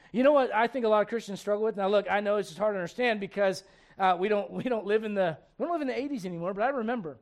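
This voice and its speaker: High-voiced, animated male preacher. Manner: animated, acts out quoted voices, asks the crowd questions. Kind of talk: sermon.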